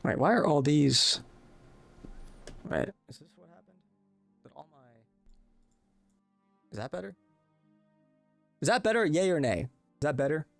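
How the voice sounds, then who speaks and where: A man's voice: fairly high pitch, big pitch swings, unhurried, gravelly, long pauses, dry recording, faint music behind. A young man hosting a casual livestream, rambling and swearing as he chats with viewers into a desk mic. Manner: rambling, profane, talks to chat. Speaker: livestream host. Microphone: desk microphone with compressor.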